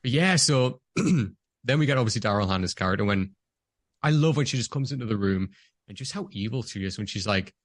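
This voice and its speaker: A man's voice: on the low side, expressive, a little fast, dry recording, studio quality. Enthusiastic man gushing about a film. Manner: enthusiastic, gushing, acts out quotes. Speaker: podcast co-host. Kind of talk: casual movie review chat.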